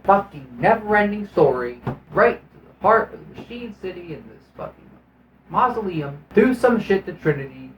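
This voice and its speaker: A man's voice: a little high, dull audio, slight background noise. Sarcastic, swearing man ranting about a film. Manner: sarcastic, profane, exasperated; rambling with frequent restarts. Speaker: video host reviewing a film. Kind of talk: casual rambling movie recap.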